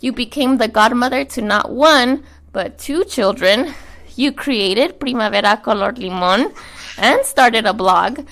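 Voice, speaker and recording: Woman with a slight cold, american accent, somewhat high voice, earnest podcast co-host reading a letter aloud. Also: unhurried, a bit bright. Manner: earnest, frank, swears casually. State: getting over a cold, short of breath. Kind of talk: reading a personal letter aloud, then casual chat.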